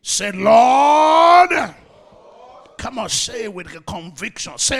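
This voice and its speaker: Very high, gravelly preacher man shouting. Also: very animated, slow, pauses often, a faint crowd. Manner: fervent, leads the congregation in call-and-response declarations. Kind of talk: shouted prayer declarations.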